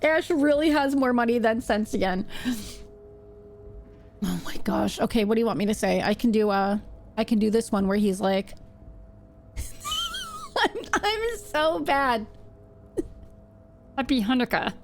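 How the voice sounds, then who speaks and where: A woman's voice: mid-range voice, normal speed, a little mellow, slight background noise. A woman live-streaming a game, chatting casually and playfully and laughing often.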